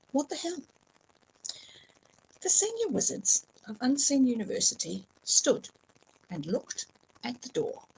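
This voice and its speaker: A woman's voice: medium pitch, gravelly, breathy edge, rough recording. A woman reading a novel aloud at home, storytelling expressively with the odd slip and filler. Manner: expressive, lively storytelling with small slips and fillers. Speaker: reader.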